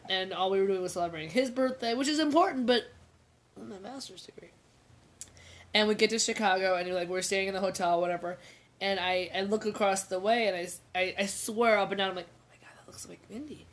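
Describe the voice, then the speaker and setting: A woman in her thirties chatting casually as a podcast co-host, spinning stories with frequent laughs. Her pitch sits in the middle range and her manner is loose and conversational. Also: brisk. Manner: chatty, laughs often, storytelling. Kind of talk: casual chat.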